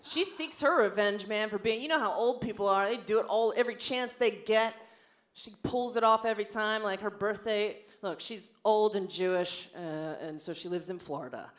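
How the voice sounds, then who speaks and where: A woman's voice: mid-range voice, moderate pace. A young woman doing a brash, bawdy stand-up comedy set on a club stage, acting out quotes in her stories. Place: large comedy club stage with a live audience. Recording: live club recording with audience noise.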